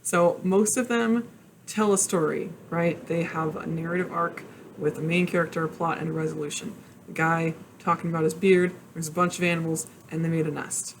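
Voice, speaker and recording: A woman's voice: sits low, steady tone, normal speed, slight background noise. A young woman leading a teen poetry workshop, explaining step by step in a friendly, casual way with frequent ums. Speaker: librarian leading a teen program. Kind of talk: casual online workshop talk.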